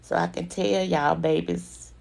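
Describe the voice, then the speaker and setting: This woman's voice sits on the low side, gravelly and a little mellow, with little pitch movement and a slightly slow pace. Live-streaming, she tells her viewers her own survival story with emotion, holding back tears and calling them "y'all" and "babies."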